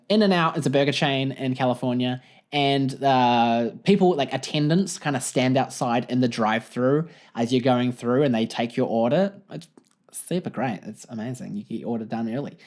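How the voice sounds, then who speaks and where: A man's voice: medium pitch, normal speed. A young man with a New Zealand accent hosting a solo podcast, telling a story in a jokey, rambling way and laughing often. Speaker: podcast host.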